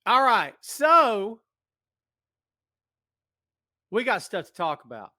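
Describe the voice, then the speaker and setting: A man's voice: high voice, big pitch swings, a little slow, pushed and bright, no echo, studio quality. A middle-aged man hosting a live stream, greeting viewers by name and teasing them, then speaking earnestly. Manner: serious, earnest appeal. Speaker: podcast host. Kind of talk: casual live-stream chat. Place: large empty building. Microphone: in front of a camera.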